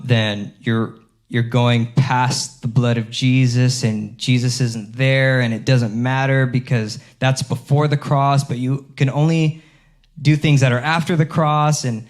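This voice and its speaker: A man pastor giving a sermon in a relaxed, conversational way, with many fillers and restarts. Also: mid-range voice. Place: church.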